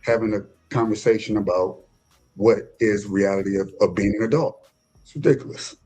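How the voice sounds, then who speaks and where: A man co-hosting a podcast, speaking haltingly with restarts and pushing up high when exasperated. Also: fairly even intonation, mellow, slightly rough, faint music behind. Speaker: podcast co-host. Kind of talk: casual debate.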